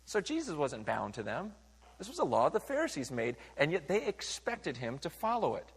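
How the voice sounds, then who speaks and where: A man preaching a sermon as a pastor, emphatic and animated, acting out voices to make his point. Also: on the high side, moderate pace, vocal fry, slightly rough. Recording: reverberant hall sound.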